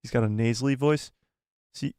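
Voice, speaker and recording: This man's mid-range voice has a dark, smooth tone and moves at normal speed, picked up by a close desk mic with no room sound. He's running a relaxed live stream, rambling through viewer messages with self-deprecating jokes.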